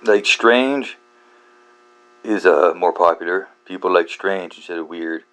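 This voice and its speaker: Casting: man with a very deep voice, rambling casual monologue, stumbling through fillers and restarts, self-mocking, mains hum underneath. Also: fairly bright tone, clean tone. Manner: halting, many fillers and restarts, frequent swearing; self-deprecating, laughs at himself. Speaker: book channel host.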